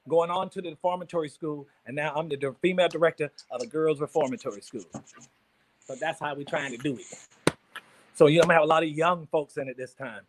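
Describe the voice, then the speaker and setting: 50s guy telling a wild story real fast, high voice, swearing and laughing. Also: a little hiss or hum, low-quality recording. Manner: lively, profane, laughing storyteller. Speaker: guest actor. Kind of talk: animated storytelling interview.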